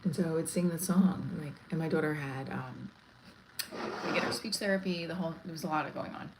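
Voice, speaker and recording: A woman's voice: deep voice, fairly quick, heavy background noise. A woman comedian chatting casually on a live stream, rambling from one thought to the next. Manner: chatty, rambling, breaks into song.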